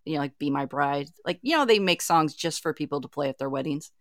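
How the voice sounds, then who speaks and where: A woman's voice: deep voice, lively intonation, fast, no echo, clean studio sound. A woman in her forties co-hosting a casual chat show, telling stories with lots of laughter and playful voices. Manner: chatty and giggly, tells stories with playful put-on voices. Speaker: co-host.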